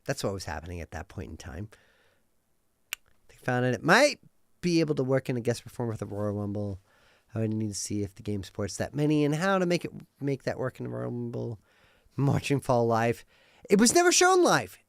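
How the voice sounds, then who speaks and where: Man in his thirties, live streamer, rambling casual chat, swings his pitch a lot, dry close sound. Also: brisk, gravelly, dry recording. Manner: rambling, animated, swears freely, many fillers.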